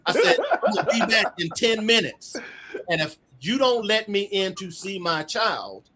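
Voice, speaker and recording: A man's voice: high voice, normal speed, over a noisy crowd. A middle-aged man, an author being interviewed, telling stories in a casual way and acting out the dialogue. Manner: animated storyteller acting out quoted dialogue. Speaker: author guest.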